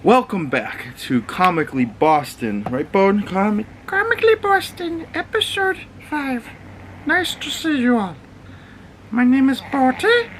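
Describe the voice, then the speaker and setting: A man voicing his flat-faced male pet dog as a slow, boastful, playful show greeter. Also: very high-pitched, a little hiss or hum, pitched above the performer's own voice, heavily acted.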